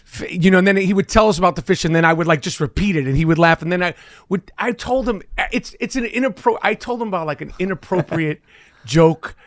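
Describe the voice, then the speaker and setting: A man in his fifties talks as a podcast guest in an excitable, rambling way, swearing freely. His voice sits slightly high for a man. The studio sound is dry and close. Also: quick pace, no echo. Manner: excitable, profane, rambling with restarts. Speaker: guest actor. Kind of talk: casual chat.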